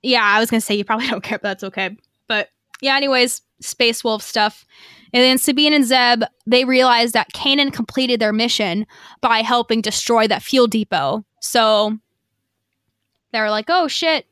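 A woman podcast co-host recaps an episode in a loose, chatty way, swearing and slipping into quoted lines. Her voice sits high. The sound is dry and close to the mic. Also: fairly even intonation, normal speed, a bit bright, clear, resonant tone, no room sound. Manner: chatty, profane, lots of fillers and acted quotes.

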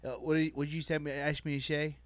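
Man, comedian, casual podcast chat, halting, slightly high voice, dry sound. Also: level tone, no room sound. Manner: laughing, halting restarts. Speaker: comedian, podcast guest host.

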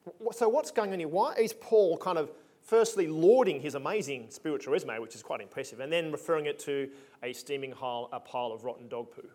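A man's voice: fairly high pitch, brisk, darkish tone. A man preaching a sermon in a conversational, emphatic way with punchy asides.

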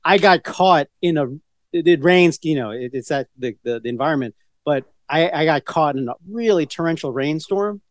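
A man's voice: fairly high pitch, moderate pace, no room sound, studio quality. A middle-aged man co-hosting a casual podcast chat, rambling from one story to the next with many restarts. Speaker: podcast co-host.

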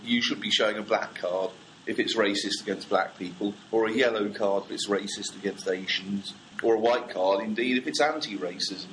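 A middle-aged man co-hosting a satirical comedy podcast, dry and deadpan, spinning absurd jokes. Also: fairly low pitch, normal speed, slight background noise, poor audio. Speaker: podcast co-host.

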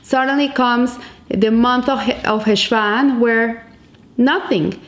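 A woman's voice: a little high, steady tone, slow pace, echoey room. A woman giving a spoken teaching in an explanatory, storytelling manner, often restarting her phrases. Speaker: Jewish teacher. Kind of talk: spoken teaching on the Hebrew calendar.

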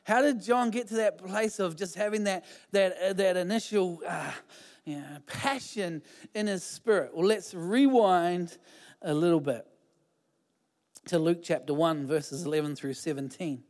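High-voiced man preaching in a reverberant hall. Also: unhurried, a little mellow. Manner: chatty, informal preaching with many fillers and restarts. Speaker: pastor. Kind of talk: sermon. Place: church hall.

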